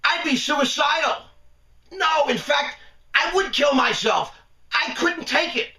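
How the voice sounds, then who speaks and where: A man's voice: very high voice, lively intonation, slow pace, sharp tone, echoey room, far from the mic, pitched above the performer's own voice, exaggerated voice. A man imitating his blunt, worried older father-in-law, exclaiming in disbelief. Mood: incredulous. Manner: exclaiming, incredulous.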